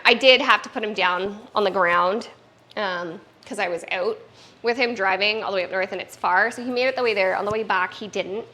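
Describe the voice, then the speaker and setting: A woman's voice: mid-range voice, sharp tone, rough recording. A woman streamer chatting casually, swearing now and then and talking to her puppy. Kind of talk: casual live-stream chat.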